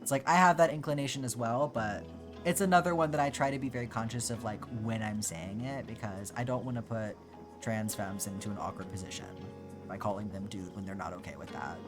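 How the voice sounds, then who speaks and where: A streamer from Georgia, with a medium-pitched, brisk voice, chats casually and answers live chat over background music. He talks through his thoughts with many fillers and restarts.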